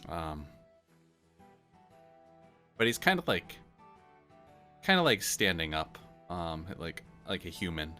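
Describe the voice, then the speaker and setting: A man's voice: low-pitched, very animated, slow pace, long pauses, sharp tone, faint music behind. A man running a tabletop game as game master, narrating loosely with lots of fillers and hedges.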